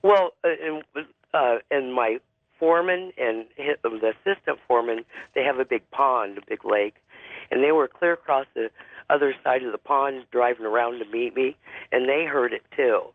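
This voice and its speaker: Deep-voiced guy with a cold calling in, halting and filler-heavy, tinny phone sound, dry. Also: no room sound. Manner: halting, many fillers and restarts. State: has a cold. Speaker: caller. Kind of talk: phone-in ghost story. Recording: phone line.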